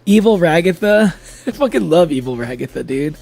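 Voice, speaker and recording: A high-voiced man chatting on a live stream, a little tipsy and giggling between sentences. He laughs easily and swears without a second thought. Faint music plays quietly behind him. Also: animated, normal speed, gravelly. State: tipsy from drinking. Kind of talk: casual live-stream chat.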